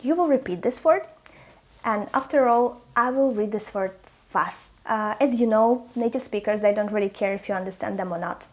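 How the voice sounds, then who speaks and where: A woman, a native Russian speaker with a Russian accent, teaching a language lesson with slow, careful pronunciation drills. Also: medium pitch, a little mellow.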